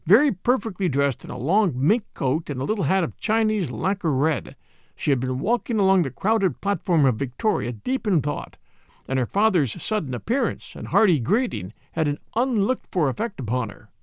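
A man giving scripted, expressive narration of a mystery novel as an audiobook reader. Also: fairly high pitch, no room sound, studio quality. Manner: expressive, measured storytelling.

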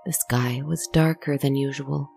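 A storyteller narrating a slow, meditative tale in a soft, reflective manner, with asides to the listener. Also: mid-range voice, steady tone, vocal fry, soft background music.

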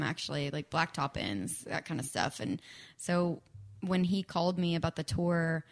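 A young woman from Texas chatting casually as an interview guest, with lots of "like" and "um". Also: on the low side. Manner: chatty, frequent "like" and "um". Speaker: guest songwriter.

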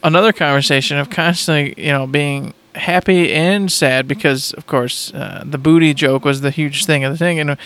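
A man's voice: a little high, steady tone, normal speed, hardly any pauses, a bit bright, clear, resonant tone. A man co-hosting a podcast, chatting casually in a playful, joking way and laughing often. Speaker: podcast co-host. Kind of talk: casual chat.

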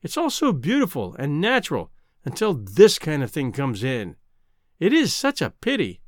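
A man reading a novel aloud, voicing a proud, cool-headed young woman who gently turns down a suitor. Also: a little high, huge pitch swings, normal speed, dry recording, clean studio sound. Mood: reproving. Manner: gently reproving, composed.

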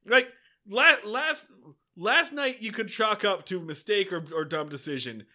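A man's voice: high-pitched, expressive, unhurried, sharp tone. A man co-hosting a podcast, recapping a TV episode in casual, sardonic chat and swearing freely. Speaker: podcast co-host.

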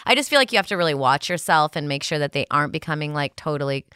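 Bright, giggly woman chatting. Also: deep voice, lively intonation, quick pace, clear, resonant tone, no echo, studio quality. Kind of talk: casual chat.

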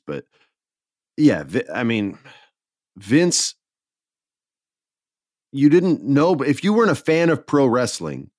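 A man co-hosting a podcast in a casual chat, animated and jokey. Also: medium pitch, dry recording, studio quality. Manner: animated, jokey, does goofy voices for quotes. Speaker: podcast co-host.

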